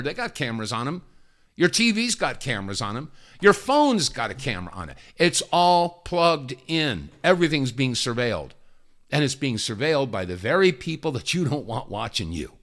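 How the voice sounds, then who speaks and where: A man's voice: medium pitch, a bit bright. Emphatic man hosting talk radio. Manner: emphatic, repeats phrases, folksy asides. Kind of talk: opinionated talk radio monologue.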